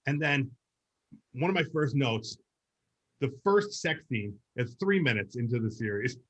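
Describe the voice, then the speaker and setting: Man, podcast co-host, casual review chat, mid-pitched, upbeat, chatty. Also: big pitch swings, unhurried, highs cut off. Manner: chatty, upbeat, filler-heavy.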